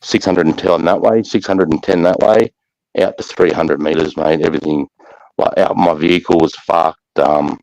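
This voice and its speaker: Aussie bloke, middle-aged, deep voice, swears a lot, ums and trails off, dry close sound. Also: male voice, steady tone, normal speed, a little mellow, no room sound, lo-fi sound. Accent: Australian. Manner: rough-spoken, swears freely, trails off with fillers. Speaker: army veteran guest. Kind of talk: casual war storytelling on a live chat.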